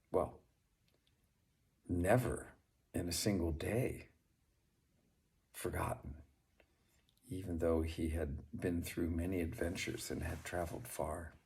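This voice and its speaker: Slow, deep-voiced male storyteller. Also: gravelly, darkish tone. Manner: unhurried, chatty asides to the listener. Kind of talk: storytelling narration.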